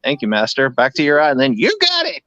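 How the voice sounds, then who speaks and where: A man voicing a cranky, foul-mouthed old male hermit in a high, strained old-man voice, on a dull lo-fi mic. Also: wildly swooping pitch, fairly quick, pushed and bright, no echo.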